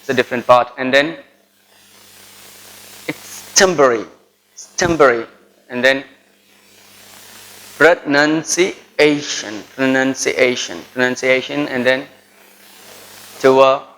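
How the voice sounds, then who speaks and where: Man, Indian English accent, college lecturer, slow and deliberate, drills words aloud, keeps asking "right?". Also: mid-range voice, fairly bright tone, poor audio. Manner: repeats words with heavy stress, checks in with "right?". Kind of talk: pronunciation lesson to students.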